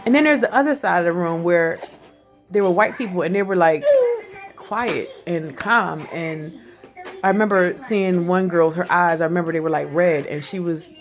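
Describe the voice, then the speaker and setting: Chatty woman vlogger, lowish voice. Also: normal speed, faint music behind. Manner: chatty, animated retelling with frequent laughs. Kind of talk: casual commentary vlog.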